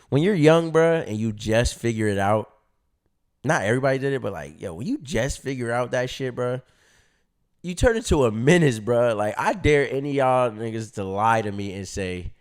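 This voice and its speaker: A man's voice: mid-range voice, normal speed, clear, resonant tone. A young man vlogging, telling a story in a casual, slangy way and acting out his own past reactions.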